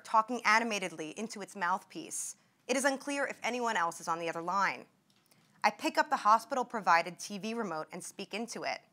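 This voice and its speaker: Reading from her own memoir at a medical grand rounds, a woman in her twenties performs the quoted outbursts with growing intensity. Her mid-range voice sounds pushed and bright.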